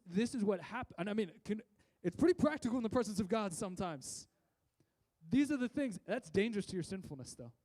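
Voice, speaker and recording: A high-pitched man delivers a sermon in a church. His tone is mellow and he talks conversationally, often restarting his sentences. He swings between loud emphasis and quiet asides. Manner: rises and drops in loudness for emphasis. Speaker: preacher.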